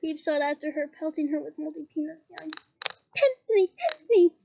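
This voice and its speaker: A woman's voice: high-pitched, monotone, fast, vocal fry, a little mellow, slight background noise. A woman with a Scottish accent reading a novel aloud expressively, with disgusted asides. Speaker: audiobook reader. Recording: dull lo-fi recording.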